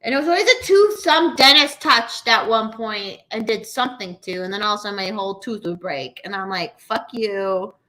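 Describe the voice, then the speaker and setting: A woman's voice: mid-range voice, fairly quick, hardly any pauses, pushed and bright. A woman in her thirties, co-hosting a podcast in casual chat, ranting bluntly and swearing freely. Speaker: podcast co-host.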